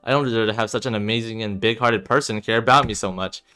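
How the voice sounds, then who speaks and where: Dude doing a tired guarded young guy in a game, quiet and low, crisp bright mic. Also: fast talker. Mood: weary. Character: troubled young man, guarded and weary.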